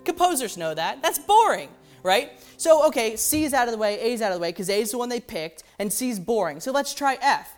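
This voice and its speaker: Soft music plays behind this woman as she teaches how a hymn's melody is built. Her voice is a little high and very animated, moving fairly quickly with few pauses. She's a music teacher chatting conversationally, often asking "right?" and remarking "interesting."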